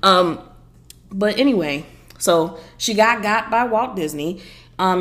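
A woman hosts a podcast, giving her opinions in a sassy, blunt, profane way and telling stories with plenty of energy. Her voice is medium-pitched and a bit bright, and she speaks unhurriedly.

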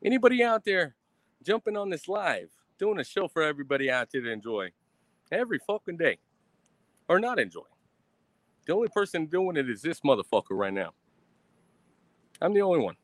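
A man's voice: a little high, very animated, brisk, pauses often, no echo. A man ranting defiantly on a live stream, swearing constantly and mocking his critics with sarcasm.

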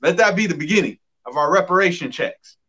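A man's voice: high voice, animated, a little fast, bright, forceful tone, breathy edge. A man in a casual group discussion, speaking emphatically and repeating phrases to drive a point home. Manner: emphatic, repeats himself when making a point.

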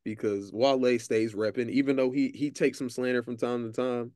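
A man's voice: medium pitch, fairly even intonation, normal speed, darkish tone, dry recording. A man co-hosts a loose chat show, stating his opinions boldly, stressing his points, and cursing freely. His voice sits in an ordinary middle register for a man. The recording is dry and close. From Texas, USA. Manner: bold, emphatic, profane. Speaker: podcast co-host. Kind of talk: casual chat.

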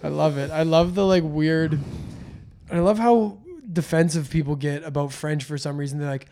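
A man chatting on a comedy podcast who laughs often, swears freely and tells animated stories. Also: on the high side, normal speed. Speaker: comedian guest. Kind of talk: casual comedy podcast chat.

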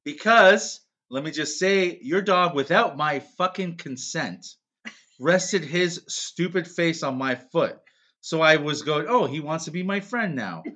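A man's voice: fairly high pitch, expressive, unhurried, bright, forceful tone. A man, a podcast co-host, telling crude stories in casual, mock-defensive chat.

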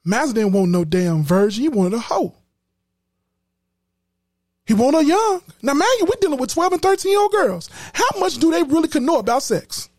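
Man, podcast host, emphatic preacherly commentary, lively high voice, dry sound. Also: moderate pace, dry recording. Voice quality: emphatic, preacherly, repeats words. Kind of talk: casual commentary.

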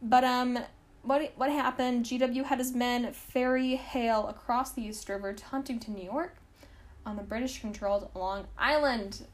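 A woman's voice: fairly high pitch, fairly even intonation, moderate pace. A young woman hosting a history podcast, telling the story casually with lots of fillers, wry asides and mock quotes.

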